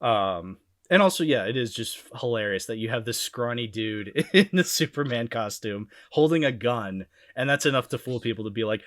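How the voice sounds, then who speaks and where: A man's voice: mid-range voice, expressive, moderate pace, fairly bright tone, no echo, studio quality. A man chatting casually on a podcast about old cartoons, laughing often and restarting his sentences. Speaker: podcast panelist.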